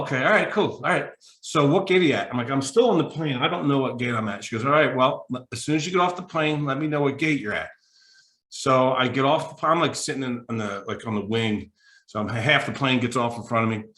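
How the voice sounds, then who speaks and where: A man, a mental toughness coach, telling a story in a podcast interview and acting out the dialogue with sudden pitch jumps. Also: normal speed, roomy sound. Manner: animated, acts out dialogue with big pitch jumps.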